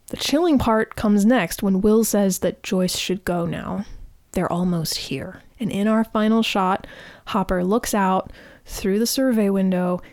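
A woman's voice: mid-range voice, no echo. Chatty woman recapping, dry close sound. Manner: chatty, animated retelling with restarts. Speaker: podcast host. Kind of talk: casual episode recap.

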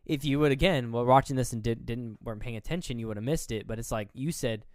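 A man's voice: mid-range voice, fast talker, a little mellow, no room sound, clean studio sound. A man co-hosting a podcast, talking casually about a movie and retelling its scenes in a rambling way. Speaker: podcast co-host.

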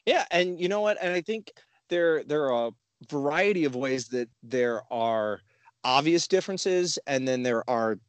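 A slightly high male voice with a clear, resonant tone speaks at a measured pace on a dry recording. He's a podcast co-host who tells stories animatedly in casual chat, acting out the quotes.

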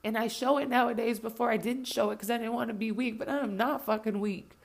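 A woman's voice: on the high side, steady tone, quick pace, creaky. A woman delivering an impassioned spoken rant, blunt and heavily profane, hammering points home by repeating herself.

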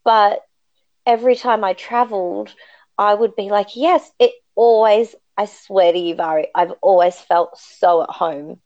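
A woman's voice: mid-range voice, steady tone, unhurried, a little mellow, no room sound, muffled recording. Earnest woman telling her story. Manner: earnest, reflective, emphatic. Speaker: podcast guest. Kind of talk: candid personal storytelling.

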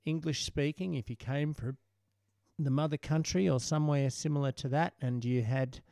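A man's voice: a little high, fairly even intonation, normal speed, vocal fry, dark tone, dry recording. A man hosting a casual conversation, chatty and explaining things for his listeners, with frequent restarts. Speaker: host.

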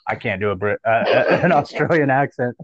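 A man's voice: mid-range voice, expressive, moderate pace, highs cut off. A man co-hosting a casual podcast, easygoing and agreeable, laughing often. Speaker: podcast co-host. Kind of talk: casual profane chat.

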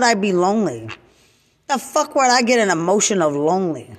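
A woman in an angry unscripted rant, profane and repetitive, swinging from loud outbursts to low muttering. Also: sing-song, a little fast, big-room sound. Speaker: mother venting to camera.

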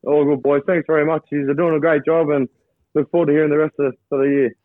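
An Australian man, a rugby league player, chatting as a guest over a call, halting with many restarts. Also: a little high, little pitch movement, no echo. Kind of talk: casual interview over a call. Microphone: phone or video call from abroad. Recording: thin phone line, dry.

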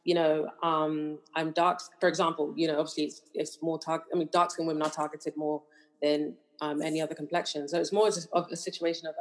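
A woman's voice: sits low, little pitch movement, brisk. A woman with a British accent touched by Nigerian speech, talking things through on a casual podcast with many fillers. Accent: British with Nigerian influence. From United Kingdom. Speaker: podcast co-host. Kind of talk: casual chat.

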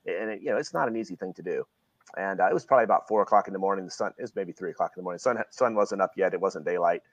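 Middle-aged guy from virginia, lowish voice, talks fast and earnest, dry close sound. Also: no echo, highs cut off. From Virginia, USA. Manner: earnest, reflective, often restarts phrases. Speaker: guest. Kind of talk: casual interview talk.

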